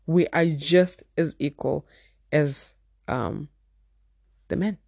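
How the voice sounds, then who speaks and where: Earnest low Zimbabwean woman, dry sound. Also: slow pace, vocal fry, a little mellow, no echo. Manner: earnest and emphatic, repeats key phrases. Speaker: parenting vlogger. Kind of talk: candid personal talk to camera.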